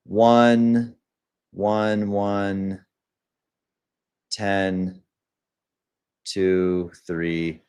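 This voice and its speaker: A man's voice: low voice, level tone, drawn-out words, pauses often, a little mellow, smooth. A young man hosting a livestream, talking bluntly and crudely in a casual rant, often acting out the lines of other people. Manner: blunt and profane, acts out quoted lines. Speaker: livestream host.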